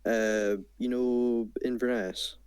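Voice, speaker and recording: A young Scottish man, calm and well-spoken, chatting as a podcast guest. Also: slow, smooth, no echo. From Scotland. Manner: deep, calm, well-spoken, laid-back. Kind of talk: casual podcast chat.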